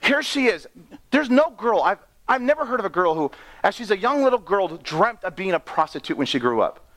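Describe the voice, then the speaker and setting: A man preaching an animated sermon, often laughing and acting out the people in his story. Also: high voice, brisk. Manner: excitable, laughs often, acts out characters.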